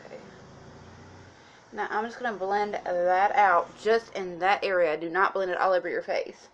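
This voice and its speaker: Chatty woman makeup vlogger, mid-pitch voice, casual tutorial patter, slight background hiss. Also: steady tone, moderate pace, dull audio. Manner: chatty, instructive, addresses viewers as guys.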